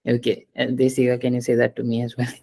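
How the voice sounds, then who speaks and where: A man's voice: medium pitch, monotone, fast talker, gravelly, dark tone, rough recording. A man teaching a French class, patiently drilling pronunciation and slipping into Hindi.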